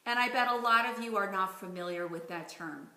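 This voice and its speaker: A woman in her forties, a speech coach giving a clear, deliberate instructional lesson. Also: mid-range voice, pushed and bright. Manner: clear, deliberate teaching delivery. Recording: roomy echo.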